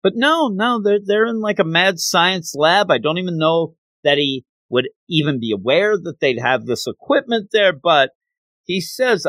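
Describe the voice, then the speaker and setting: A man casually retelling a comic book story, acting out the characters with quick asides. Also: high voice, expressive, fairly bright tone, no room sound.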